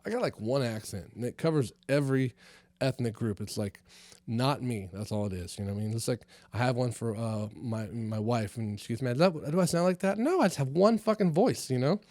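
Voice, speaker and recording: Brief: casual, profane male podcast host, mid-pitched, loose and rambling, dry close recording. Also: animated, brisk, a little mellow, dry recording. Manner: rambling and profane, many fillers. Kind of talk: casual comedy podcast monologue.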